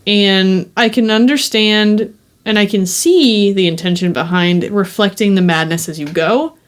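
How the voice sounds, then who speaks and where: A woman's voice: medium pitch, a little slow. A young woman co-hosting a casual gaming podcast. She speaks bluntly with casual swearing, at times reading out review notes before giving her own verdict. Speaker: podcast co-host. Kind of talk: casual chat.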